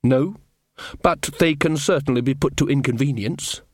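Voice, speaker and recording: A man voicing a cheerful young woman, a queen wielding an axe, who talks in a bright, matter-of-fact way. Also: mid-range voice, normal speed, dry recording, studio quality, close to an everyday voice. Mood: cheerfully menacing.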